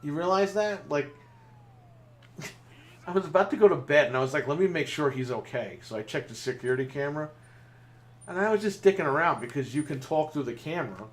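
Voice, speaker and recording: A man's voice: on the high side, animated, brisk, long pauses. A man co-hosting a gaming podcast, telling stories in casual chat while playing, swearing freely. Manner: swearing, storytelling with laughs. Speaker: podcast co-host.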